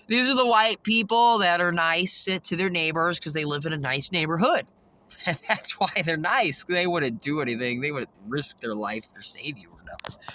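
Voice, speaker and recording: A man's voice: a little high, pushed and bright. A man ranting in a rambling monologue, swearing constantly and laughing often. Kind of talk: rambling profane rant.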